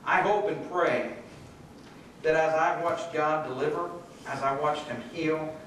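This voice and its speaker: A man's voice: on the high side, unhurried, a bit bright, slight background noise. A middle-aged male pastor preaching a sermon, telling the story and acting out the quoted voices. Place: church sanctuary. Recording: echoey hall from far off.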